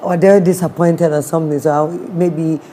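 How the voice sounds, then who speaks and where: A woman's voice: sits low, steady tone, normal speed, warm tone, a little hiss or hum. A woman with a Ghanaian accent, a guest sharing a personal story with feeling. She acts out what people said and mixes in Twi words.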